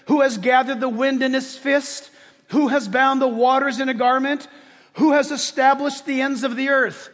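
A man preaching a sermon as pastor, impassioned and emphatic, often rising to shouts in front of his congregation. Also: extremely high pitch. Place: church sanctuary with congregation. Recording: long hall reverb.

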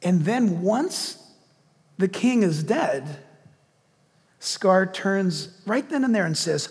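A male pastor preaching a sermon and leading a closing prayer, animated, hushing his voice to act out a villain's lines. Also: high-pitched, takes it slowly, pauses often, big-room sound.

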